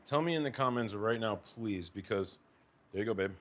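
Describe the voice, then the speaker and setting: A young man from the United States, his voice lowish, slightly bright and lively in intonation, speaks at normal speed while plating food in his home kitchen. This casual cooking vlog has him chatting with his partner and viewers over slight background noise.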